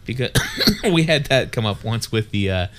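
A man's voice: mid-range voice, animated, normal speed, background noise. A man co-hosting a casual podcast, talking in a playful, rambling way and often restarting his sentences. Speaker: podcast co-host. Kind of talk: casual chat.

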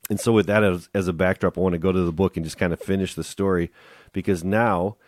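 A man's voice: sits low, fairly even intonation, fast talker, no room sound, clean studio sound. A man hosting a leadership podcast, retelling and reading from a book in an earnest, enthusiastic way. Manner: earnest and enthusiastic, with some restarts. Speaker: podcast host.

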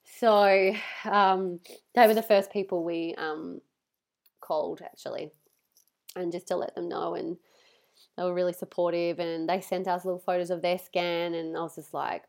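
A woman's voice: fairly low pitch, normal speed, creaky. A young woman hosting a podcast, talking candidly and animatedly, swearing freely and acting out what people said, her nose stuffy from crying. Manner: candid, sweary, animated retelling with voiced quotes. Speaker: podcast host. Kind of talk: casual personal monologue.

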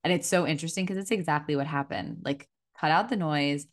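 Brief: woman, 30s, podcast host, casual and affirming, very low voice for a woman. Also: brisk. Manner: warm affirming listener, lots of "like" and "mm-hmm".

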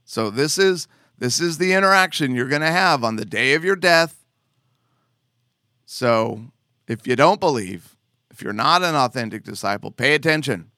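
A man preaching a sermon in an animated way, joking and putting on voices. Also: medium pitch, normal speed, no echo, studio quality. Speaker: pastor.

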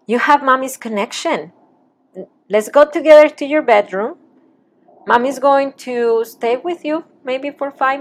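A woman coach role-playing a tired mother who calms herself and then gently soothes her little son at night. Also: on the high side, slight background noise, lightly acted. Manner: soft, soothing, self-calming.

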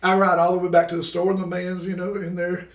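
A man telling a story from his childhood in a casual chat, animated and laughing as he tells it. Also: sits high, quick pace, distant mic. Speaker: guest. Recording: roomy sound, away from the mic.

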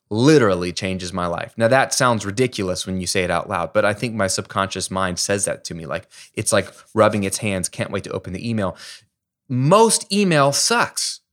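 Male online business coach, casual teaching monologue, lively and jokey. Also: fairly low pitch, normal speed. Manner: energetic, jokey, animated.

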